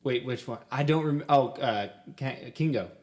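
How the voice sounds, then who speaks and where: A man's voice: mid-range voice, moderate pace, a little mellow. A young man co-hosting a casual podcast about a film. He talks eagerly with many "um"s and laughs often. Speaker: podcast co-host.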